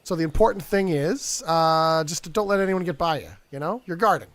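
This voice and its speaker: A man's voice: fairly high pitch, brisk, a bit bright, dry recording. A man performing an improvised comedy scene, talking in a hesitant, chatty way full of fillers and repeats.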